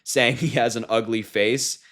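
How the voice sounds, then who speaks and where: A man's voice: mid-range voice, steady tone, a little slow, a bit bright. A young man giving casual political commentary, sarcastic and incredulous, often laughing at what he reads. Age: young adult.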